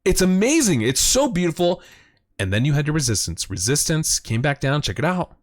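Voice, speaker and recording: A man hosting a crypto chart show, giving excited commentary, hyped and emphatic, repeating phrases and jumping up in pitch when thrilled. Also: brisk, no room sound, studio quality. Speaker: crypto chart analyst host.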